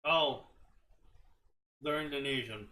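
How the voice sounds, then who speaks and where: A man's voice: mid-range voice, slow, sharp tone. An Australian man giving a comedic, over-the-top dramatic reading with sarcastic asides. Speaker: co-host reading fanfiction.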